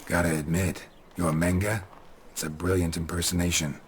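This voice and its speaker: A man as a very deep, terse monster hunter. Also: level tone, normal speed, slight background noise, lightly acted. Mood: level. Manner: terse and level. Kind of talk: video game voice acting.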